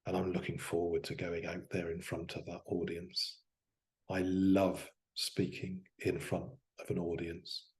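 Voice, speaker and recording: A man demonstrating self-hypnosis aloud as a coach, talking himself through slow, soft affirmations. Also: deep voice, completely flat delivery.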